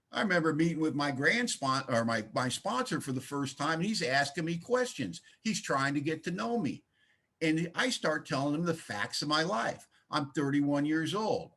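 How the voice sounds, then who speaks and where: A man's voice: on the high side, a bit bright. A man giving an emphatic, folksy share at a recovery meeting, telling his story with blunt humor over a video call. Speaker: speaker sharing recovery story.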